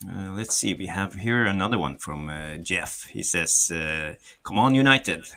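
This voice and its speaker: A man's voice: low voice, lively intonation, measured pace, bright, forceful tone. A man co-hosting a casual live show, reading out viewer messages and giving brief replies. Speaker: co-host. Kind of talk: casual chat.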